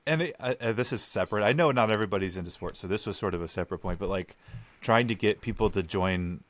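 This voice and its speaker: A young man co-hosting a casual podcast chat, animated and mocking others in put-on voices. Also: on the low side, quick pace. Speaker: podcast co-host.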